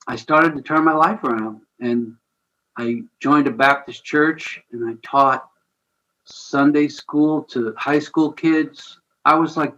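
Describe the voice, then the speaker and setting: This man, a ministry founder appearing as a podcast guest, shares a personal story in an earnest, conversational tone. He retells it animatedly with chuckles, his voice mid-range and the recording muffled.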